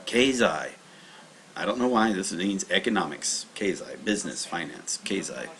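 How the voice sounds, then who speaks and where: Deep-voiced man teaching kanji casually. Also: animated, moderate pace, gravelly, a bit bright, a little hiss or hum. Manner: rambling, casual, many fillers and restarts. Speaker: language teacher. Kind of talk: livestreamed kanji study lesson.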